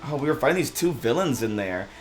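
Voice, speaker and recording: A man's voice: mid-range voice, lively intonation, quick pace, soft background music. A man narrating as game master in a loose, casual way, often laughing.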